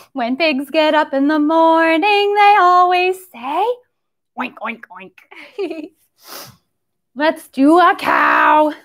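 High-voiced sing-song woman at story time. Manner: sing-song, playful, animated with sound effects and laughs. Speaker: children's librarian leading story time. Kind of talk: toddler story time with rhymes and songs.

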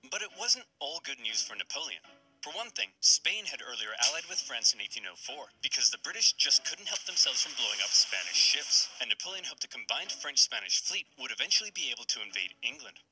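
A man's voice: medium pitch, very animated, brisk, sharp tone, soft background music, low-quality recording. A man giving scripted comedic history narration with punchy, dramatic comic timing.

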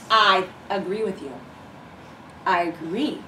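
A woman's voice: mid-range voice, expressive, moderate pace, a crowd in the background. A woman teaching first grade, leading a shared reading with encouragement and chanted rhythm in a classroom. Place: classroom with children. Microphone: far camera mic. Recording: echoey classroom from far off.

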